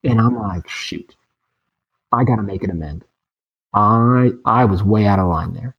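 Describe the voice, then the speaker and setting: A man in his thirties, a podcast guest in recovery, telling a story in a casual, animated and emphatic way. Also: on the low side, unhurried, husky, muffled recording.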